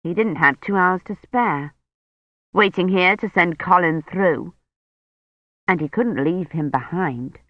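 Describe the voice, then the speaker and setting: Even-paced novel narrator, mid pitch, dry muffled recording. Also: slow pace, no room sound. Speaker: audiobook narrator. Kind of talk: scripted narration.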